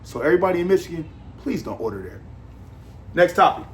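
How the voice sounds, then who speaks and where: A man's voice: fairly high pitch, big pitch swings, fast talker, slight background noise. A man hosting a podcast, delivering a casual monologue in an emphatic, repetitive, rambling way. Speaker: podcast host.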